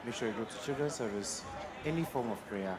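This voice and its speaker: A man with a Ghanaian accent playing a kind, devout young Christian who talks earnestly and gently preaches, in an amateur church drama. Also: mid-range voice, brisk, over a noisy crowd, close to an everyday voice. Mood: warm, encouraging.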